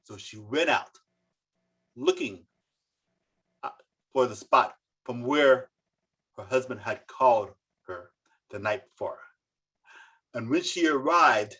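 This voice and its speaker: A storyteller telling folk tales slowly and dramatically over a video call. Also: very animated, bright, forceful tone, husky. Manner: slow, dramatic, with sweeping pitch. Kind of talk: oral folk tale telling.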